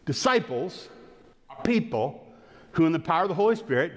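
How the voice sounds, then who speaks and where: A man's voice: on the high side, sing-song, fairly quick. A middle-aged man preaching a sermon as pastor, telling a story and acting out its voices. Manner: storytelling, acts out quoted lines. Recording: long hall reverb.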